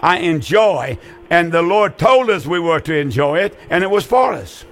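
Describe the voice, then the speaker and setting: A man's voice: a little high, expressive, normal speed, fairly bright tone. An older man hosting a call-in Bible radio show, earnest and folksy, often repeating his phrases for emphasis.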